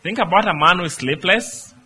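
A man's voice: high-pitched, brisk, bright, forceful tone, slight background noise, poor audio. A man preaching a sermon, reading scripture aloud and explaining it with rhetorical questions.

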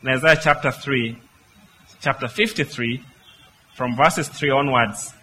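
Forceful, bright-voiced male preacher. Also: medium pitch, unhurried, slight background noise, rough recording. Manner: emphatic, rhetorical questions to the congregation. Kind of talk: sermon.

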